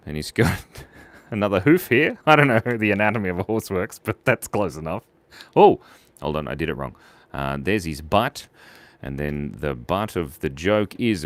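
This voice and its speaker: A man's voice: deep voice, big pitch swings, moderate pace, dry recording. A man hosting a live drawing stream, chatting with viewers in a playful, silly way. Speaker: online drawing show host.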